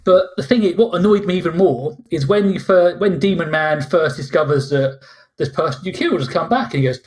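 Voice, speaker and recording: A man's voice: fairly high pitch, fairly quick. A man co-hosting a podcast, ranting about a film in casual talk, exasperated and mocking as he acts out sarcastic reactions. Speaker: podcast co-host.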